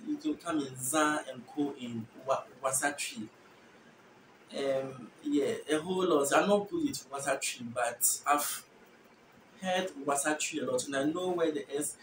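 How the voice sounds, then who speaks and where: A Ghanaian-accented speaker whose first language is Efutu hosts a casual explainer, thinking aloud and often correcting themself mid-sentence. The voice sits at a middling pitch and sounds set back from the mic in a roomy, echoing space with a faint hiss behind. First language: Efutu (Guan). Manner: thinks aloud, self-correcting, hedging asides. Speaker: host explaining language differences. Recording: echoey room, distant mic, faint noise.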